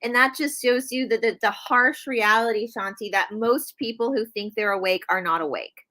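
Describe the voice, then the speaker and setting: Emphatic bright-voiced woman co-host. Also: on the high side, normal speed. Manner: emphatic, animated, repeats herself for stress. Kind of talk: casual spiritual discussion.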